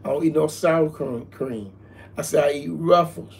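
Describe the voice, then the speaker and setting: Gravelly, slightly high-voiced man who stammers and rants with heavy profanity in comedy banter. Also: normal speed, slight background noise. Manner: stammering, repeating words, profane ranting.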